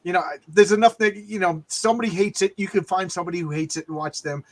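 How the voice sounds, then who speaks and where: A man chatting casually about comics and YouTube, excitable, with lots of stammering restarts. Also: high voice, fast. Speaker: comic book creator and YouTuber. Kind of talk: casual chat.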